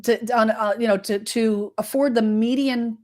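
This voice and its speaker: A woman's voice: a little high, fairly even intonation, moderate pace, a little mellow. A woman from Massachusetts in her forties, hosting a casual real estate chat with emphatic repeated phrases. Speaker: real estate podcast host.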